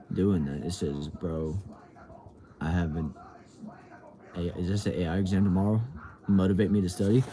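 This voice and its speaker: Deep, mellow-voiced young man streaming. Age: young adult. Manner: laid-back, drawling, says bro and y'all. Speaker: livestream host. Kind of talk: casual livestream chat reading comments. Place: at home indoors. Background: faint TV sound from another room.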